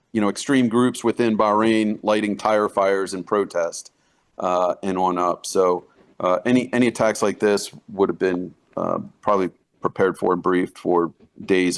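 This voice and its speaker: A man speaking as a guest military analyst in a live news interview, halting and full of fillers and restarts. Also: deep voice.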